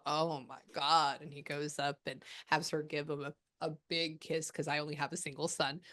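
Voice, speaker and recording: A woman working as a medium, passing on a spirit's messages in a casual, chatty way with many pauses. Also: low voice, a bit bright. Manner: relays a spirit's words with quick asides and pauses. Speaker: psychic medium. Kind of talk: spirit reading session.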